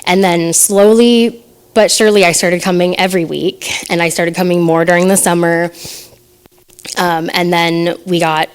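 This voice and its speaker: A woman's voice: on the low side, steady tone, normal speed, smooth. A woman in her thirties giving a personal testimony to her congregation, hesitant and full of fillers, emotional and laughing nervously between phrases. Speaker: assisting minister giving a message.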